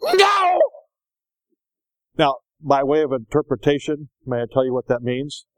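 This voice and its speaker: A man's voice: mid-range voice, fairly even intonation, brisk, a little mellow, no echo, poor audio. Older guy preaching, folksy storyteller, does little voices, dry close mic. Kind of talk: sermon.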